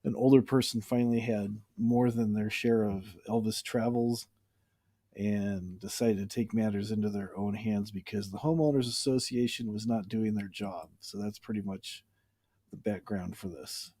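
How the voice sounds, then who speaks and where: A man with a low, mellow voice explains his sketch in a loose, rambling way. The sound is dry, with no room echo. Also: fairly even intonation, normal speed. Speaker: comedy video creator. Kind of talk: casual explanation to camera.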